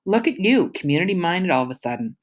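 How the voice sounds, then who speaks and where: An affectionate middle-aged mother fusses and scolds, as a woman reads her. Her voice is low and plain. She belongs to an audiobook family. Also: big pitch swings, fast talker.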